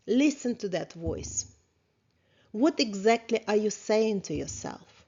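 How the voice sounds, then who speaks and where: A woman therapist leading a guided self-reflection lesson, talking calmly and asking many questions, with small grammar slips. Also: medium pitch. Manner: slow, calm, questioning, with small grammar slips of a non-native speaker. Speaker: therapist teaching a course. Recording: slightly dull lo-fi sound.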